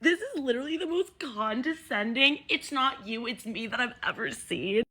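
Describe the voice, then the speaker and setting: A woman's voice: a little high, expressive, normal speed, bright, forceful tone, slightly rough. A woman reacting to a video with sarcastic, mocking rants. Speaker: commentator.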